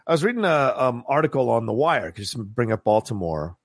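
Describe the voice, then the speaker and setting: A man co-hosting a podcast in casual chat, animated and swearing casually. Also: mid-range voice, a little fast, no room sound, studio quality. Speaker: podcast co-host.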